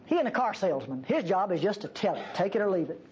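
A woman's voice: mid-range voice, big pitch swings, fast, a little mellow, highs cut off, a little hiss or hum. A woman preacher giving an emphatic, folksy sermon in a church.

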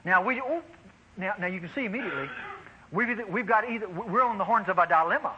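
A man preaching a sermon, animated and exclaiming, addressing the congregation as beloved. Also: sits high, fast talker, dull audio, slight background noise.

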